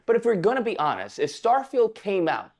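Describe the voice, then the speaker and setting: A man's voice: high-pitched, wildly swooping pitch, brisk, vocal fry, darkish tone. A man making an argumentative point by posing questions. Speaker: clip guest being debated.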